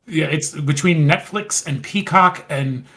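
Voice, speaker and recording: A man with a slightly higher-pitched voice co-hosts a casual podcast. He retells what happened at length, rambling, restarting and slipping into quoted lines. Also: measured pace, fairly bright tone. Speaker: podcast co-host. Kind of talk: casual wrestling recap chat.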